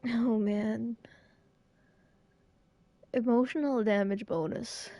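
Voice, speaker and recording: A woman's voice: a little high, steady tone, slow pace, dark tone, dry recording. A young adult woman streamer reacting emotionally to a game story, tearful and laughing, on a close dry mic.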